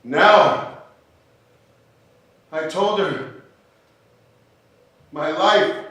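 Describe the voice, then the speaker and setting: Male spoken-word performer, measured and theatrical, distant from the mic in a roomy hall. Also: on the high side. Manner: dramatic, measured, rising to shouts. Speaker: storyteller. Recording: echoey stage from far off.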